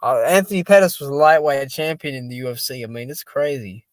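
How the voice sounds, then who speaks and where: A tired, sleepy man chatting casually on a live stream, reacting out loud and reading viewer comments. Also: medium pitch, brisk, no echo. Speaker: boxing stream host.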